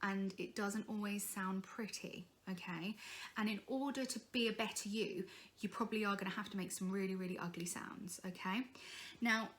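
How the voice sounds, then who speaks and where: A young woman giving an informal singing lesson, friendly and encouraging, checking in with her students with a quick "okay?" as she goes. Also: mid-range voice, fairly even intonation. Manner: chatty, encouraging, frequent "okay?" check-ins. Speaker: singing teacher. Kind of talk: informal vocal tutorial.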